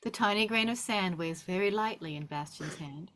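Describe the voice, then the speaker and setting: A woman reading the stage directions in a table read, with steady, descriptive narration. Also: lowish voice, moderate pace, slight background noise.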